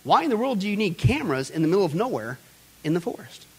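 A man with a high speaking voice hosts a commentary show. He preaches emphatically and keeps calling out to his listeners in a folksy way. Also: sing-song, fast, darkish tone, breathy edge. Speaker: host. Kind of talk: preaching commentary on current events.

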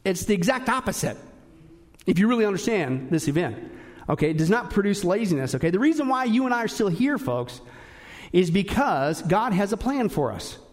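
A male pastor preaching a sermon in an emphatic, animated way, with frequent asides to his listeners. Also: sits high, normal speed.

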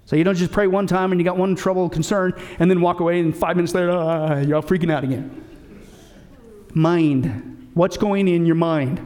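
A male pastor preaching with a high, lifted voice. He presses each point hard and keeps throwing questions back at his listeners. Now and then he drops in a dry joke. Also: fairly even intonation, a little fast, a little mellow. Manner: emphatic, asks the audience rhetorical questions. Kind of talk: sermon.

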